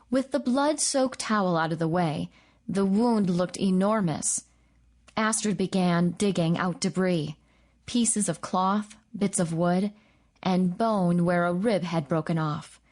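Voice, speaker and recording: A woman reading a novel aloud in a steady, measured audiobook narration. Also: mid-range voice. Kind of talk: scripted narration.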